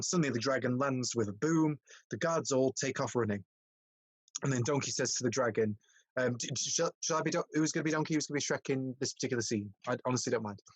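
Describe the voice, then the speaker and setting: A man reads stage directions and chats on a podcast, stumbling and hesitant as he goes. His voice sits at an even middle pitch, a bit husky, recorded dry and close. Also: no room sound. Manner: hesitant, stumbling, laughs often. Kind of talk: casual chat and reading stage directions.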